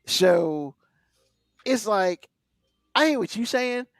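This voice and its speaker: Ranting high-voiced man, dry studio sound. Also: takes it slowly, no room sound. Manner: animated, ranting, swears freely. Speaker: podcast co-host. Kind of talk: casual sports banter.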